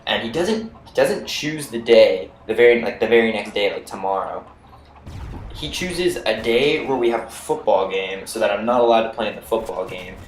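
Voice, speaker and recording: Rambling young man with a low voice. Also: moderate pace. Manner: rambling, full of "like" and "you know". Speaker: vlogger. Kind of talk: casual storytelling. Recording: roomy echo with faint noise.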